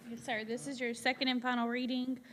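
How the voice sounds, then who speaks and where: A woman delivers a finance report to a town board in a flat, even tone, pausing often on ums. Her voice carries a long hall reverb over a faint room hum. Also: a little high. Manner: level, matter-of-fact, frequent ums. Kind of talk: staff report at a public meeting. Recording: reverberant meeting hall with light room noise.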